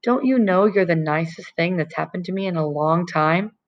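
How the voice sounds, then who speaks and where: A woman reading a gentle, reassuring teenage boy. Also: on the low side, normal speed, dull audio, lightly acted.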